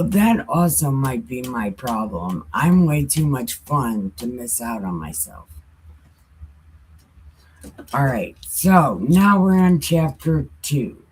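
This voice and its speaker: Woman, unhurried casual Bible teacher, husky voice, jokey asides. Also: a bass voice, darkish tone. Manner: chatty, self-joking asides.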